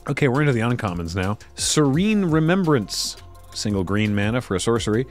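A man's voice: mid-range voice, a little fast, faint music behind. A man hosting a casual card pack review, reading card text aloud and making wry asides. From Canada. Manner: lively, wry, reads card text aloud then riffs. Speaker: host opening card packs.

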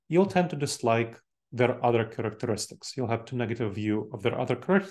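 A man in his forties with a Moldovan accent gives a presentation at an ordinary pitch for a man. He explains at length and repeats his key points, often breaking off and restarting his sentences. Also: darkish tone. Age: 40s. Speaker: speaker. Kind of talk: presentation talk.

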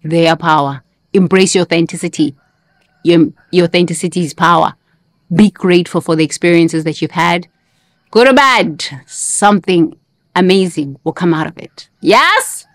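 A woman's voice: lowish voice, moderate pace, no room sound, studio quality. A woman hosting a motivational self-help monologue, emphatic, repeating key phrases and sometimes breaking into playful sing-song chants. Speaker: host.

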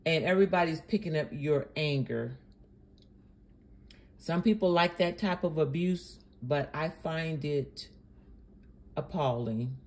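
A woman's voice: deep voice, slow pace, pauses often. A woman hosting a reaction channel, commenting sarcastically and indignantly on a preacher's clip.

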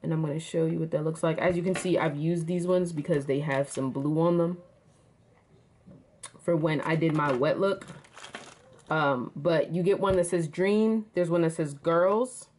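A woman's voice: sits low, a little mellow, a little hiss or hum. Chatty woman showing off jewelry. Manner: chatty, addresses viewers as y'all. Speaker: vlogger. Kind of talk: casual unboxing chat.

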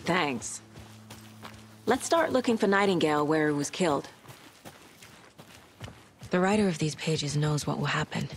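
A brisk, determined investigator. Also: female voice, low-pitched, a little hiss or hum. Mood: focused. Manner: brisk, analytical. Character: sharp, determined female investigator. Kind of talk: video game dialogue.

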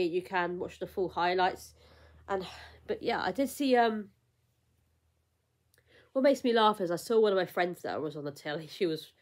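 A young woman vlogger in casual chat, rambling and emotional, with lots of fillers and restarts. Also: medium pitch.

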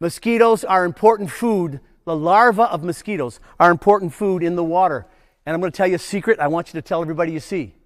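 A man's voice: high-pitched, fast, in a large hall. An older man, a nature educator, leading a playful children's program full of call-and-response chants.

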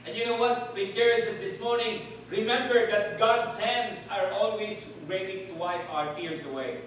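A man's voice: high-pitched, normal speed, background noise. A male preacher giving a sermon, calling on the congregation to answer back and repeat words. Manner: call-and-response, asks congregation to repeat words. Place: church hall. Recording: echoey hall from far off.

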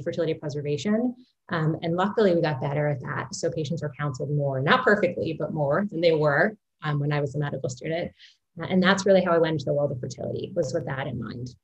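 A woman fertility doctor, a guest on an interview show, telling her story in an animated way with frequent laughs. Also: deep voice, highs cut off.

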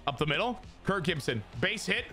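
A man giving casual, excitable commentary over his own video game match, swearing and trash-talking the opponent as he plays. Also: high-pitched, moderate pace, soft background music. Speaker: gaming channel host.

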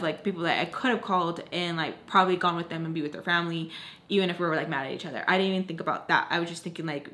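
A young woman in her twenties telling a casual storytime vlog at home, animated, filling every phrase with "like" and acting out what people said. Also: lowish voice. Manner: animated, fillers "like" constantly, acts out quoted lines. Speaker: vlogger.

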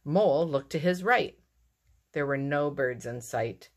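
A woman with a low voice reads a children's storybook aloud, unhurried and expressive. Her tone rises and falls a lot as she tells the story. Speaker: narrator.

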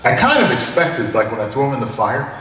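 Lively older man preaching in an echoey hall. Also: mid-range voice, fast, slight background noise. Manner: conversational storytelling, chuckles often. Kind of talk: sermon with personal anecdotes. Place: church hall. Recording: echoey hall from a distant mic.

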